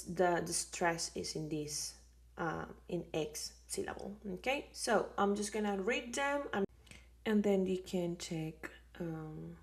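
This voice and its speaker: Slow, patient Colombian woman teaching. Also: mid-range voice. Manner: patient, repeats words slowly and clearly. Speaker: Spanish teacher. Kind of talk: slow explanatory lesson.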